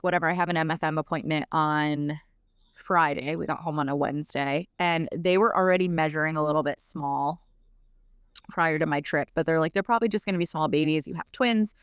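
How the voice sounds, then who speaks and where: A young adult woman telling a personal story as a podcast guest, in a quick, animated way full of filler words. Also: low voice, smooth, no room sound, clean studio sound. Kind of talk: casual storytelling.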